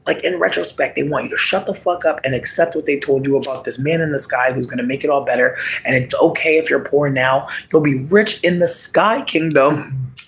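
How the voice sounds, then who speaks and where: A man in a rambling, casual monologue, swearing freely and laughing, dropping to a murmur and then bursting into shouts. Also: mid-range voice, fairly quick, vocal fry, low-quality recording. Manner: profane, laughing, sudden shouts; animated, swings between murmur and yelling.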